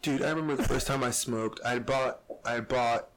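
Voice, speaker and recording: A man's voice: mid-range voice, fairly even intonation, fairly bright tone. Blunt, swearing man in casual chat. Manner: blunt, swears freely, quick backchannel replies. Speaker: podcast co-host.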